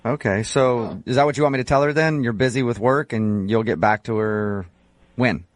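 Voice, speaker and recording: A man's voice: mid-range voice, normal speed, no echo. A man hosting a morning radio show, chatting and laughing often as he recaps a dating story.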